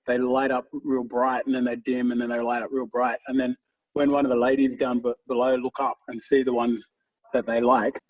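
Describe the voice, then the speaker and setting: A man's voice: mid-range voice, level tone, brisk, darkish tone, far from the mic, poor audio. A man in his thirties, co-hosting a podcast, who rambles through casual stories and swears freely. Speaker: podcast co-host. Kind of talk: casual chat.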